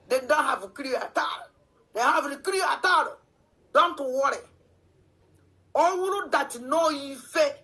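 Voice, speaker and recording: A woman with a Nigerian accent ranting in animated commentary, switching between languages. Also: high voice. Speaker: online commentator. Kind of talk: heated commentary rant.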